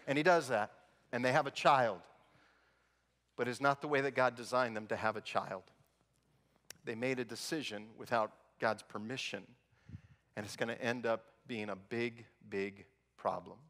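A man of medium pitch, a bit bright in tone, preaches as pastor at normal speed with fairly even intonation, spinning humorous stories in a conversational style. The setting is a church sanctuary, and the recording carries long hall reverb.

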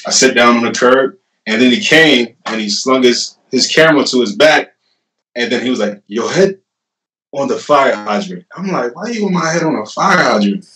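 Relaxed young man telling stories in a roomy space. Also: medium pitch, normal speed. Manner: animated, laughing retelling with lots of "I'm like". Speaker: guest. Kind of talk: casual storytelling interview. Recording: roomy and a bit distant from the mic.

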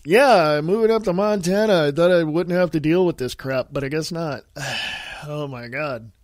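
A man's voice: a little high, moderate pace, dry recording, studio quality. Stuffy-nosed man ranting bluntly. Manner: blunt, heated and profane. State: stuffy nose from sinus infection and allergies. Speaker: podcast host. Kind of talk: casual political podcast rant.

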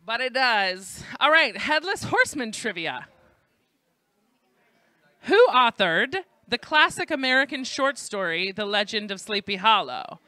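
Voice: medium pitch, big pitch swings, a little slow, bright, forceful tone, no room sound. A host with a New York accent runs a live trivia game show at a student event, tossing playful jokes to the audience. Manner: jokey, playful asides to the audience. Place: indoor student event at a library.

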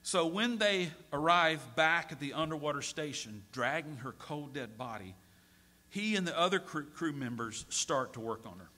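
A middle-aged man preaching a sermon as a pastor, moving from hushed storytelling to pleading shouts. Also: on the high side, lively intonation, moderate pace. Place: church sanctuary.

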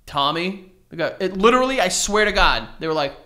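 A young man co-hosting a podcast, telling stories in a loose, animated way and swearing often. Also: sits high, brisk. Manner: animated storytelling, swears a lot. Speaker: podcast co-host. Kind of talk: casual chat.

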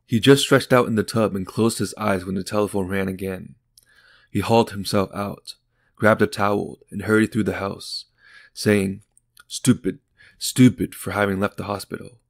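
Low, gravelly male narrator. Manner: even, unhurried reading. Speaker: audiobook narrator. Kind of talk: calm scripted story narration.

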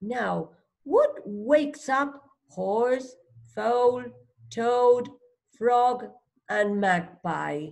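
A woman reading a phonics storybook aloud as a teacher, slowly sounding out words, asking questions and praising a child. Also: a little high, expressive, gravelly, a little mellow. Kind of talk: slow read-aloud lesson for a child.

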